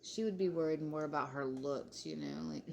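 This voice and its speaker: A woman's voice: low-pitched, moderate pace, gravelly. A young woman, chatting casually in commentary and laughing often as she talks. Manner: chatty, laughs often, Southern-style "y'all". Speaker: commentary vlogger.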